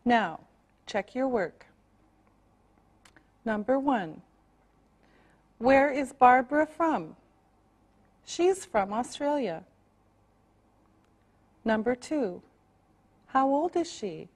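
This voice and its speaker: A woman reading out quiz questions and answers for English learners, slow and carefully spaced. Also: on the high side, big pitch swings. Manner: slow, deliberate, clearly spaced. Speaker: English teacher.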